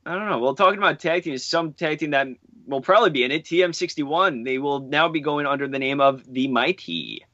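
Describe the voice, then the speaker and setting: A man co-hosts a podcast, trading short agreeable replies and reading news items out plainly. His voice is bright and tense. The recording is dry and dull, with a lo-fi edge. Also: on the high side, brisk, no echo. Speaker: podcast co-host. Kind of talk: casual wrestling chat.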